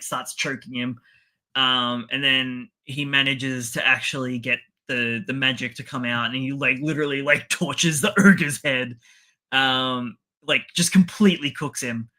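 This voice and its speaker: A man with a bright, forceful voice chats casually through an episode recap. He rambles, laughs often and slips into quick impressions of the characters. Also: mid-range voice, fairly even intonation. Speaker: podcast co-host.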